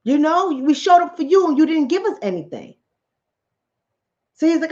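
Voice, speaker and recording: A woman hosting her channel, telling a political fable and acting out each character's lines in a lively storytelling manner. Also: high-pitched, normal speed, pauses often, lo-fi sound. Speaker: channel host, relationship coach. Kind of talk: political commentary told as a fable.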